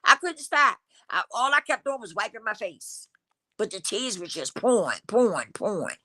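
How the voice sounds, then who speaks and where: A woman's voice: medium pitch, sing-song, moderate pace, fairly bright tone, no room sound. A middle-aged woman, hosting a casual livestream in a loose, preachy way and now and then singing snatches of a song. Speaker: livestream host.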